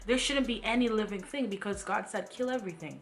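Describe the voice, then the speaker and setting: A woman's voice: mid-range voice, expressive, a little fast, over loud music, natural voice. A woman voicing a stern male prophet who questions and scolds, in a Bible read-along. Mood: indignant.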